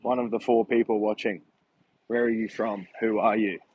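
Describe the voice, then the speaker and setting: A man's voice: on the low side, little pitch movement, moderate pace, muffled recording, a little hiss or hum. A man talking casually in a rambling, chatty way while walking outdoors during a livestream vlog, filmed on a handheld phone. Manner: chatty, rambling, laughs while telling stories. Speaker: vlogger.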